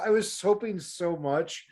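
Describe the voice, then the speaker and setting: A man's voice: high voice, takes it slowly, dark tone. A man co-hosting a podcast in casual chat, wry and laughing at his own jokes. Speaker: podcast co-host.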